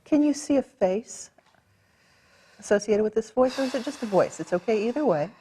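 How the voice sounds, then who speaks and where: A woman practitioner gently coaching a client through a tapping session, encouraging and calm. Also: fairly high pitch, moderate pace, slight background noise.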